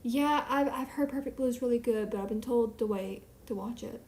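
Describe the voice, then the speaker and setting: A woman's voice: fairly high pitch, a little fast, darkish tone. A woman chatting candidly on a live stream from her apartment living room floor, rambling and self-deprecating. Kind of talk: casual chat on a live stream. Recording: roomy echo.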